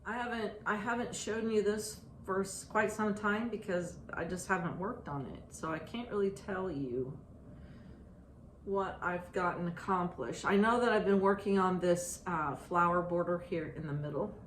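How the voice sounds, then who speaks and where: A woman chatting casually about her stitching projects, halting and restarting often with ums. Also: lowish voice. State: out of breath. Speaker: stitching vlogger. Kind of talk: casual show-and-tell chat. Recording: echoey room, faint ambient noise.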